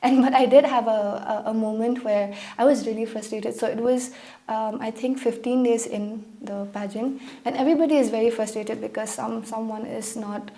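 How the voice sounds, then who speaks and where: A young woman from Meghalaya, India, talking as an interview guest about her own life. Her voice sits a little high but sounds dark and mellow, and she tells her stories with feeling, acting out the lines people said. The talk is loose and conversational. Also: normal speed. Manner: emotional, animated storytelling with acted-out quotes. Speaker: guest, pageant contestant. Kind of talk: conversational interview, personal storytelling.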